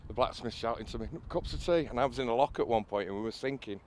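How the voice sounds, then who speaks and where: A man's voice: mid-range voice, fairly even intonation, rapid-fire, a little hiss or hum. A man telling a story about restoring an old canal boat, hesitating often with uhs and restarts. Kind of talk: casual interview anecdote.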